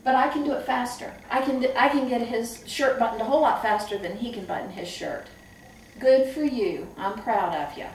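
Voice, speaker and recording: A middle-aged woman who trains staff at a memory care home, telling lively stories and acting out the voices of people she quotes. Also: a little high, moderate pace, slight background noise. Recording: echoey room, far from the mic.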